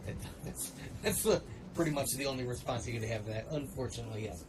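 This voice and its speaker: A man's voice: mid-range voice, fast talker, distant mic, noisy background. A man co-hosting a let's play stream, chatting casually and telling stories with laughs and mimicked voices. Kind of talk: casual chat over gameplay.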